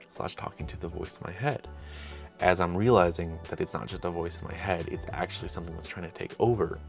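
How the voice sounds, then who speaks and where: Deep-voiced young man, rambling chat. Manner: rambling, self-correcting, animated storytelling. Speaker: host. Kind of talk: casual retrospective chat.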